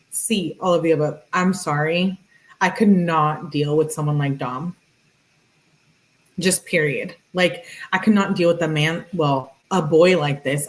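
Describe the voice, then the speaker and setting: Woman, casual true-crime commentary, chatty, blunt, salty language. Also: low-pitched. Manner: chatty, blunt, swears and slips in Spanish words. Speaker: true-crime video host. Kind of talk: casual commentary reading out text messages.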